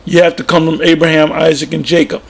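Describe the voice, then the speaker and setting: A man's voice: a little high, little pitch movement, fast, gravelly, husky. A man giving informal religious commentary, plain-spoken and emphatic, often repeating himself. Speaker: preacher.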